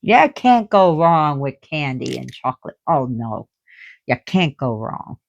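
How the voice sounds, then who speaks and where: A woman explaining spiritual lore in casual talk, excitable and giggly, jumping between soft whispers and loud bursts. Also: extremely low pitch, a little slow, gravelly, dry recording, muffled recording.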